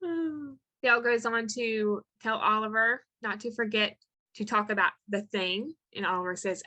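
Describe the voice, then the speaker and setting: Bright-voiced woman podcast co-host. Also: on the high side, unhurried. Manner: reads quotes aloud with lively acted inflections. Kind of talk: casual chat recapping a film.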